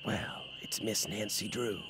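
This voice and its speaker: A man's voice: fairly low pitch, unhurried, over music, lightly acted. An actor playing a curt, sardonic male birdwatcher who dislikes tourists, in a video game. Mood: dry, grumpy. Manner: dry, sardonic, clipped. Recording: game audio with night insect noise. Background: crickets and insects.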